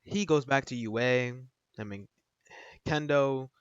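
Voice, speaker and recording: A man's voice: medium pitch, measured pace, smooth, dry recording. Rambling man telling a fan story. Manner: rambling, slangy, with many fillers. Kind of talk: casual fan-fiction retelling. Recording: dull, dry lo-fi recording.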